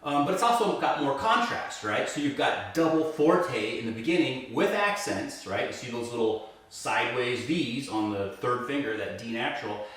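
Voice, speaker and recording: A man's voice: mid-range voice, lively intonation, normal speed, few pauses, a bit bright. A male violin teacher walking through a piece step by step, explaining patiently and checking in with a frequent "right?". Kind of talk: step-by-step music lesson. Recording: roomy echo, mic set at a distance.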